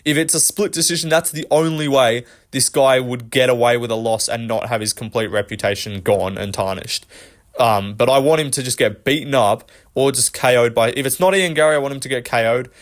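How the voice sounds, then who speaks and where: A man's voice: mid-range voice, brisk. A young man hosting a commentary vlog, ranting with frequent swearing and exasperation. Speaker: MMA commentary channel host.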